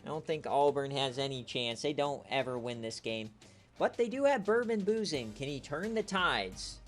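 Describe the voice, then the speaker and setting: A man giving casual, joking live-stream commentary on a league game as its host, teasing players and getting loud and excited at big plays. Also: mid-range voice, normal speed, soft background music.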